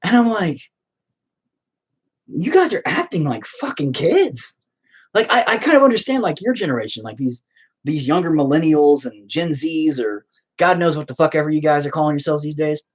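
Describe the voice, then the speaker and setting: A man's voice: fairly high pitch, lively intonation, brisk. A man hosting his own online show, telling a story in a profane, sarcastic, rambling rant full of fillers.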